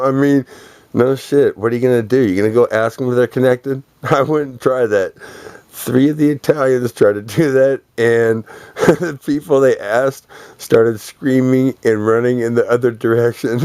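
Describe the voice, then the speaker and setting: A man's voice: mid-range voice, darkish tone, clear, resonant tone, no room sound. A man delivering a rambling, profane, boastful monologue, laughing between phrases.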